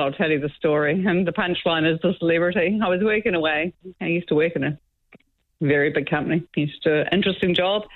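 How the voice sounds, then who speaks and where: A woman calling in to a radio show, telling a story in a chatty manner. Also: on the low side. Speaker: caller. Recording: phone line.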